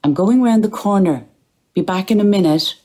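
A woman's voice: mid-range voice, moderate pace, dark tone, voice pushed up, lightly acted. A woman reading aloud voices a mild middle-aged man who talks to his cat in a coaxing, teasing singsong. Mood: calling.

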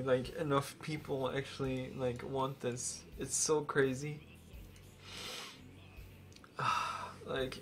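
A man in his twenties on a live stream, telling a rambling, profane story with great excitement. He is emotional and close to tears. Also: fairly high pitch, a little hiss or hum.

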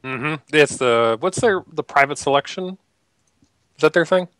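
Male guest, bright-voiced wisecracker, dry close recording. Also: on the high side, lively intonation, normal speed, no echo. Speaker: podcast guest. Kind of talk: casual podcast chat.

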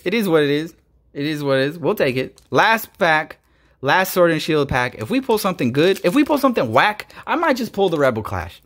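Man, excitable card-opening vlog host, lively swooping voice, slightly high, hoarse from shouting. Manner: excitable, jumps from mutters to loud bursts. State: voice going hoarse. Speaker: YouTube host opening trading cards.

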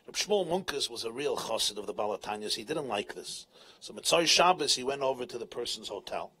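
A rabbi tells a story to a live crowd in a bright, husky voice that rides high and swings widely. He acts out the characters with animated delivery and drops Hebrew and Yiddish terms into his speech. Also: fairly quick. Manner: animated storyteller, acting out voices, laughing often. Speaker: rabbi and speaker. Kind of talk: storytelling talk at a live event. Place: event tent.

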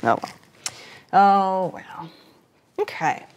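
A woman's voice: mid-range voice, expressive, extremely slow, highs cut off. A woman hosting a live painting stream, chatting casually with viewers, laughing often and greeting chat while she works. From Florida.

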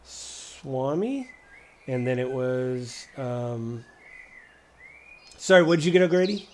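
A man's voice: medium pitch, animated, slow, a little mellow. A man running a tabletop game as game master, describing scenes casually with many fillers. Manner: casual, rambling, frequent fillers and laughs.

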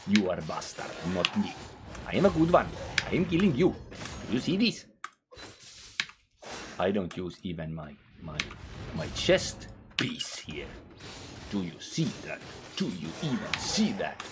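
A man's voice: on the low side, very animated, unhurried, long pauses, music in the background. A man commenting on his own gameplay, trash-talking the game's enemies and breaking into sing-song scatting. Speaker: gaming channel host. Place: at a computer, playing a game. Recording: loud keyboard clicking behind voice.

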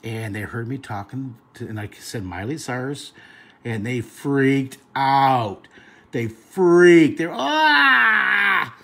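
A man's voice: mid-range voice, unhurried, breathy edge. A middle-aged man teaching drawing, telling a rambling anecdote with many fillers and restarts while he sketches. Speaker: drawing instructor. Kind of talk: casual storytelling during a drawing lesson.

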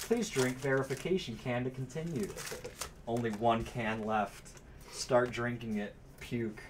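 A man's voice: lowish voice, fairly bright tone, a little hiss or hum. A man hosting a card break, chatting casually and calling out cards between stories. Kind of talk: casual chat while opening card packs.

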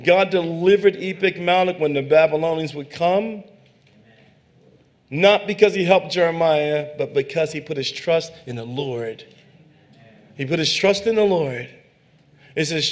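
A man's voice: fairly high pitch, lively intonation, normal speed. Emphatic man preaching a sermon. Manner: fervent, emphatic preaching with conversational asides. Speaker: guest pastor. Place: church sanctuary.

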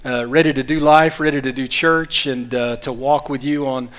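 A man's voice: medium pitch, steady tone, normal speed, a bit bright. A man preaching a sermon as pastor, earnest and full of restarts, calling on the congregation to repeat after him. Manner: earnest, with frequent fillers and restarts.

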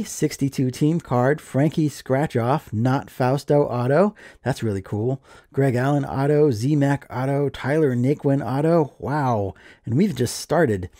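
A man's voice: medium pitch, mellow, dry recording, studio quality. A man chatting casually as he opens mail, enthusiastic and joking. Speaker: card collecting vlogger. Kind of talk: casual mail opening chat.

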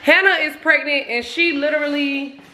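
A woman's voice: high-pitched, fairly even intonation, normal speed. A woman vlogger chatting casually and joking, talking straight to her viewers. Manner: loud, joking, addresses viewers as y'all. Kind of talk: casual vlog chat. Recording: echoey with loud background noise.

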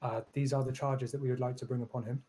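A man's voice: medium pitch, level tone, quick pace, dark tone. A man playing a police officer in a role-play court, politely and a little hesitantly reading out the charges. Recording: game voice chat with crowd of players.

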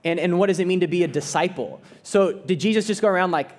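A male pastor delivers a sermon in an earnest, conversational way, often doubling back on his words. His voice sits fairly high for a man. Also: a little fast, few pauses. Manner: earnest, conversational preaching with frequent restarts.

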